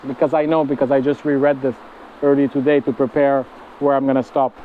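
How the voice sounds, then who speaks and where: A man's voice: mid-range voice, flat delivery, a little fast, narrow, tinny audio, a little hiss or hum. A man talking casually to camera on an outdoor deck, meandering, with many fillers. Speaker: spiritual vlogger. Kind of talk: casual spiritual vlog.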